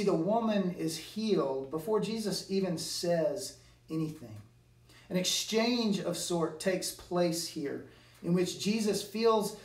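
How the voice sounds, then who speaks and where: A man's voice: fairly high pitch, echoey room, distant mic. A male pastor preaching a sermon in an earnest way, often repeating words as he restarts a phrase. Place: church sanctuary.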